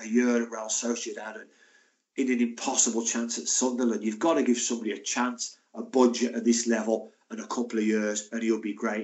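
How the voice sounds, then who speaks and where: An older man, a former footballer and physio, telling lively stories as a podcast guest and acting out the people in them. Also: mid-range voice. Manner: lively, acts out the voices in his stories; chatty, frequent asides like "mate" and "and that". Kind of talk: anecdotal storytelling.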